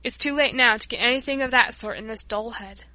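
A woman's voice: a little high, fairly quick, sharp tone, dry recording. A woman reading an audiobook, voicing a humble, repentant male Breton workman and former drunkard, with an earnest, pleading delivery. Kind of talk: audiobook narration.

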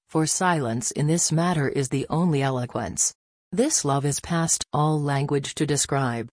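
A man reading a daily devotional aloud in a measured, reverent manner. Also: a little high, darkish tone, no echo, studio quality. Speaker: devotional reader.

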